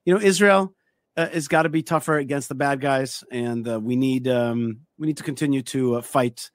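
A man's voice: medium pitch, normal speed, no room sound. Chatty male host, dry sound. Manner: chatty, with stammers and fillers. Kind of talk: casual commentary.

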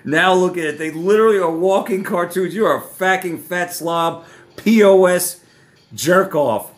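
A man's voice: high-pitched, moderate pace. A man hosting reaction commentary, ranting with heavy profanity and frequent laughter. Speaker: host.

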